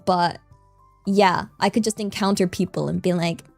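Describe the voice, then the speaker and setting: A woman's voice: lowish voice, fairly even intonation, normal speed, creaky, soft background music. A woman streamer chatting casually with her viewers, rambling along with lots of fillers and repeated yeahs. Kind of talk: casual live-stream chat.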